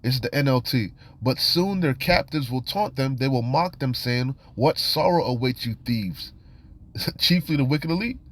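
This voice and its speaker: A man's voice: medium pitch, animated, a little slow. A man teaching from scripture in a casual, streetwise way, reading verses aloud and commenting with frequent "you know" and "man". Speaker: preacher.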